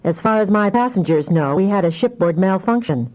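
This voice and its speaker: A woman's voice: medium pitch, expressive, brisk, a little mellow, lightly acted, rough recording. A woman reading an audiobook, voicing a polite, worried male freighter captain. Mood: uneasy. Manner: polite, uneasy. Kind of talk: audiobook character voice.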